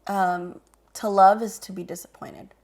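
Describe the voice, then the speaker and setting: A woman's voice: mid-range voice, flat delivery, a little slow, darkish tone. A young woman co-hosting a casual podcast chat, rambling and hesitant with lots of fillers. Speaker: podcast co-host.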